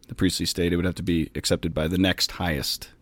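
A man's voice: low-pitched, little pitch movement, a little fast, no echo. A man who is a priest, co-hosting a casual podcast and explaining church matters with chatty asides and jokes.

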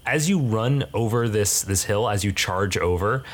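A man narrating as game master for a tabletop game, halting and searching for his words as he describes each scene. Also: fairly low pitch, animated.

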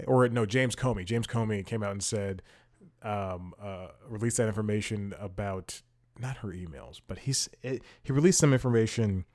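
A man with a slightly low voice talks through his opinions as a podcast host. He rambles, stumbling over fillers and restarting sentences as he thinks out loud. His delivery is casual and unscripted. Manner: opinionated, thinks aloud while scrolling. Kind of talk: casual commentary.

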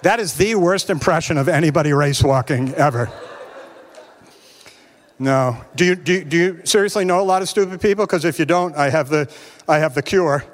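Middle-aged male comedian with a high voice, ranting sarcastically on stage. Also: normal speed. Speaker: stand-up comedian. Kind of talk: stand-up comedy.

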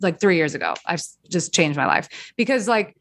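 A woman's voice: on the low side, huge pitch swings, a little fast, creaky, fairly bright tone, slight background noise. A woman comedian in her thirties, chatting casually in a rambling, self-deprecating way and swearing freely. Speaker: comedian, guest. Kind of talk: casual chat.

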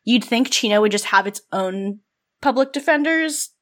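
Give me a young woman rambling through a podcast chat, high and animated. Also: normal speed. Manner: rambling, swearing, filler-heavy. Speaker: podcast co-host. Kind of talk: casual chat recapping a TV show.

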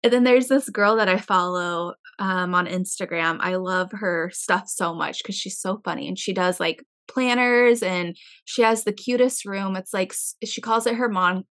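A young woman in casual chat, telling stories with a voice that swings up and down and turns shrill when excited. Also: moderate pace, hardly any pauses.

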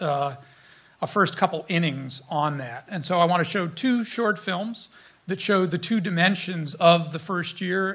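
Man, middle-aged, seminar host, bright forceful tone, slightly high voice, measured with fillers. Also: slightly rough. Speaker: host and center director. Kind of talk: seminar presentation.

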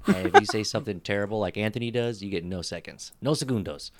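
A man's voice: fairly low pitch, quick pace, very noisy. A man hosting a casual comedy podcast, joking and laughing often as he riffs. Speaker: podcast host.

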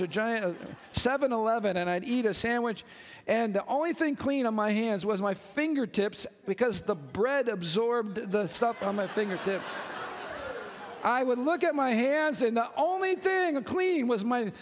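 A man preaching a lively sermon as pastor, joking and calling out to his congregation. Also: very high-pitched, in a large hall. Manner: animated, joking, calls out to congregation.

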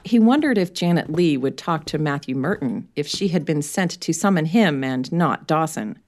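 A woman narrating a story aloud in a measured reading voice. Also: deep voice, lively intonation, darkish tone.

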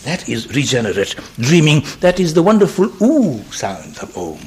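A man's voice: on the high side, huge pitch swings. Older man lecturing in a roomy hall. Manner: halting, repeats words, drops to near whispers. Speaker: speaker. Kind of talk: reflective spiritual lecture.

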